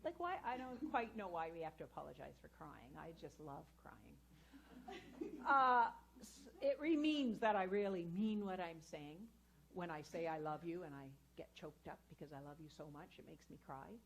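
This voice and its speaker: A woman's voice: lowish voice, animated, normal speed, a little hiss or hum. A woman educator giving an earnest inspirational talk to a live audience in a spiritual centre hall, telling personal stories. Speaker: guest speaker and educator.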